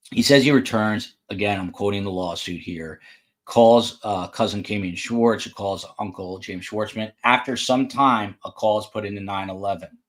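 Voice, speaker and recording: A man hosting a true crime podcast, talking casually from a hotel room with frequent fillers and side remarks. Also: lowish voice. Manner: conversational, with frequent fillers and asides. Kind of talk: casual live commentary.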